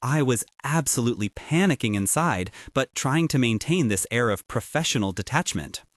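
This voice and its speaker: A man narrating a first-person story with animated, dramatic emphasis. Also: mid-range voice, normal speed, dry recording, clean studio sound.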